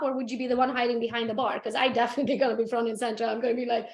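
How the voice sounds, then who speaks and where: High-voiced blunt woman, echoey room. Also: fast talker, few pauses. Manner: blunt, energetic, swears freely. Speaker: real estate trainer, co-host. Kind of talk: casual training talk.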